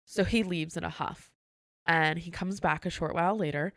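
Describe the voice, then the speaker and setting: A woman's voice: fairly low pitch, moderate pace, no echo, studio quality. A woman who works as a hotel manager, telling work stories on a casual podcast in a chatty way, full of "like" and "you know.". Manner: animated storyteller who acts out dialogue.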